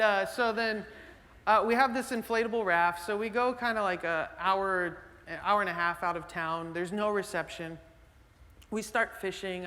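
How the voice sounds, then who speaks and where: A man's voice: high voice, in a large hall. Chatty male pastor telling a story. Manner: conversational, animated storytelling with filler words and restarts. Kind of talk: sermon with storytelling. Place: church sanctuary.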